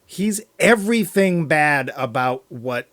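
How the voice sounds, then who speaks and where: A man's voice: fairly high pitch, lively intonation, takes it slowly, fairly bright tone, no room sound. Sarcastic man with a dry close sound. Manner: sarcastic, laughs often. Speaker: podcast co-host. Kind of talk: casual movie review chat.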